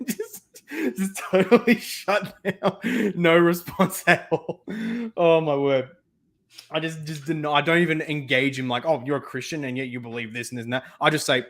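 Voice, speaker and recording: A young man with an Australian accent, hosting a casual chat over a video call and telling stories with lots of laughter. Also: on the high side. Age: young adult. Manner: animated storytelling, laughs often, quick asides. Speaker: host.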